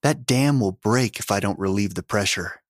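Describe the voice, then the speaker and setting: A man's voice: lowish voice, normal speed, dry recording, studio quality, close to an everyday voice. A man reading a story, voicing a grieving, determined young woman who speaks in a tight, strained voice. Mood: strained, defiant.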